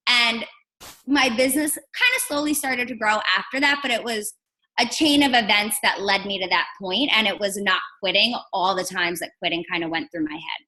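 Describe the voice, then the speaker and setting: A young woman from New Jersey, a guest on a training call, telling her story in an animated, chatty way. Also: fairly high pitch, normal speed, poor audio. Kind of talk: casual storytelling.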